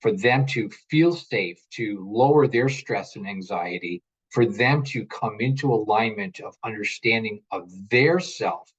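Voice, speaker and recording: A man's voice: on the low side, slightly rough. Earnest father, dull video-call sound. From United States. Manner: earnest, animated storytelling with repeated words. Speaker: interview guest, parent. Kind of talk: casual interview chat.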